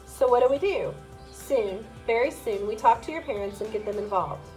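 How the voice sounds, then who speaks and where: A woman's voice: a little high, lively intonation, moderate pace, a little mellow, soft background music, close to an everyday voice. A woman reading the part of an adult man who patiently explains investments and apologizes. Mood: explaining.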